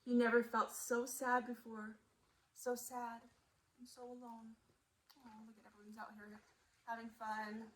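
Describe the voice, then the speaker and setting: A woman museum storyteller reading a picture book aloud to children, animated and asking them questions. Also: on the high side, measured pace, slight background noise, rough recording.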